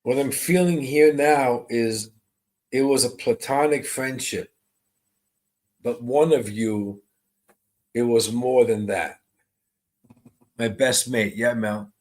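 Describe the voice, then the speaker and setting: A man working as a psychic medium, giving a live online reading, describing impressions slowly and answering viewers' comments. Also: medium pitch, a little mellow.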